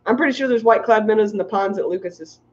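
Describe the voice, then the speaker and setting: A woman's voice: medium pitch, quick pace. A middle-aged woman rambles cheerfully to her viewers, giggling and stacking up likes. The audio is muffled, like a lo-fi stream. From United States. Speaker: fishkeeping livestream host. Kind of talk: casual livestream chat reading comments.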